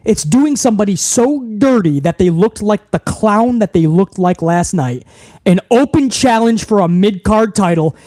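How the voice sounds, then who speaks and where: A man's voice: high-pitched, mellow, no echo. A young man hosting a live wrestling podcast stream, ranting heatedly with lots of swearing and reading viewer messages aloud. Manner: heated, profane ranting, reads viewer super chats aloud.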